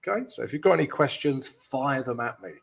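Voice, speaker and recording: A man's voice: medium pitch, animated, a little fast, creaky, breathy edge. A man hosting a live forex stream, chatting loosely with viewers, greeting them and walking through his charts. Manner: chatty, loose, keeps calling viewers "guys", light jokes. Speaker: forex trading coach and live stream host.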